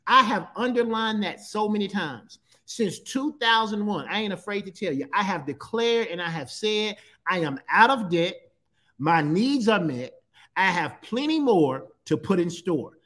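High-voiced man preaching with emphasis. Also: fairly bright tone. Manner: emphatic preaching, repeats and stretches key phrases. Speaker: pastor. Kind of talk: sermon.

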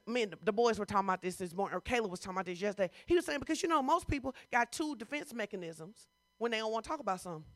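Woman pastor, conversational sermon, bright and crisp voice, dry close sound, emphatic. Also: mid-range voice, expressive, racing, no echo. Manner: conversational, full of rhetorical questions; emphatic, rising to loud bursts.

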